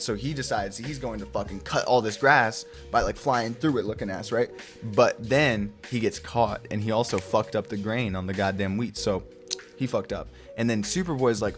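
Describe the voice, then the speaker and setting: Young man, slightly low voice, casual comic review, rambling, profane, jokey, faint background music. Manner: rambling, profane, jokey, acts out characters in quick put-on voices.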